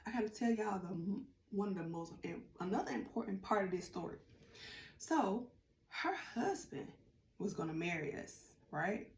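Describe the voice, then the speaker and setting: A woman telling a personal story in a casual, animated vlog, talking straight to her viewers. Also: medium pitch, moderate pace, echoey room, a little hiss or hum. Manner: animated, chatty, addresses viewers directly.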